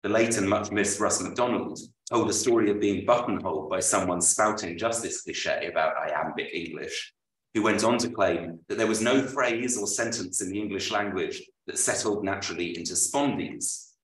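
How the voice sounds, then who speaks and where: A man, an author, reading a prepared lecture aloud at a book launch, with measured, dryly witty delivery. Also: on the low side, a little hiss or hum. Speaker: author presenting his book. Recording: roomy, voice from far off.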